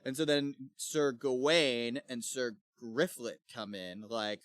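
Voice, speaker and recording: A man co-hosting a book club podcast, casually retelling the story in an animated way and slipping into quick character voices. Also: mid-range voice, no room sound, studio quality. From Missouri, USA. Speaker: podcast co-host.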